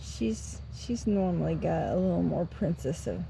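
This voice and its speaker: Chatty guy w a high gravelly voice, crickets loud all around at night camp. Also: animated, moderate pace, rough recording. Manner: chatty, laughs easily. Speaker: hiker and vlogger. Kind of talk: casual chat at camp. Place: outdoor campsite at night. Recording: crickets and night noise outdoors.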